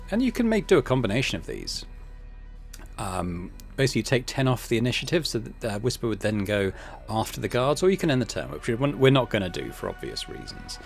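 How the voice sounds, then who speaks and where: A man hosting a casual let's-play, chattily explaining game systems with many fillers. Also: on the low side. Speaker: gaming channel host.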